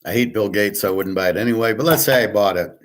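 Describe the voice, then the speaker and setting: A man's voice: on the low side, fast talker, slight background noise. Blunt, profane man rambling casually. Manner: opinionated, sarcastic. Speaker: host giving market and poker tips. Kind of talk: casual solo monologue.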